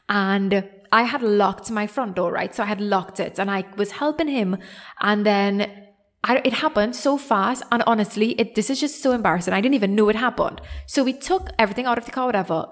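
Animated young Trinidadian woman storyteller. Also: mid-range voice. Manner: animated, self-deprecating, acts out quoted voices. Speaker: podcast host. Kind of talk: casual storytelling.

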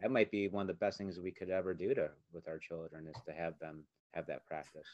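A man co-hosting a podcast, telling stories in a relaxed way with many fillers. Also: low voice, fairly quick, muffled recording. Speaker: podcast co-host. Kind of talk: casual spiritual chat.

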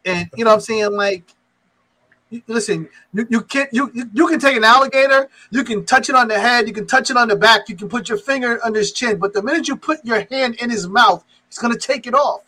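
A man's voice: very high-pitched, brisk, bright, forceful tone, poor audio. A man on a podcast arguing his point emphatically, stumbling and repeating words. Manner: emphatic, repeats himself, lectures. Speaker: podcast co-host. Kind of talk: casual chat.

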